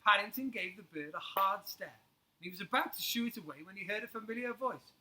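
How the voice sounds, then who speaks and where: Storyteller for kids, male, animated swoops, very bright tone. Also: high voice, brisk, rough recording. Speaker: children's storyteller. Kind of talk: storybook reading for children.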